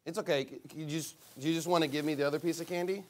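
A high-voiced man preaches as a pastor. He is lively and playful, leading children in a game and calling out to the crowd between scripture readings. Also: very fast.

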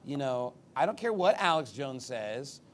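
A man preaching a sermon in an emphatic, combative way, with sarcastic asides and big swings in pitch and loudness. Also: sing-song, measured pace, slight background noise.

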